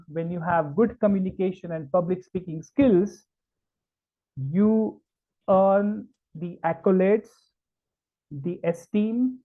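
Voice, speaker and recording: A high-voiced man from India running a public speaking workshop over a video call. He leans hard on key words and scatters fillers as he goes. The sound is thin and phone-like. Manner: emphatic, stretches key words, many fillers. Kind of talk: online workshop lecture. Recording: tinny call-like audio.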